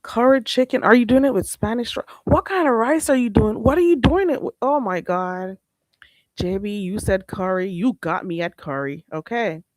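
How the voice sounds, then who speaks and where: A sassy, blunt woman chats casually with her livestream viewers. Her pitch swoops widely as she talks. The sound is dry and close. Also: normal speed, no echo. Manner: blunt and sassy, with lots of "baby" and "you hear me"; animated, swinging between loud outbursts and laughter. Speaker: livestream host.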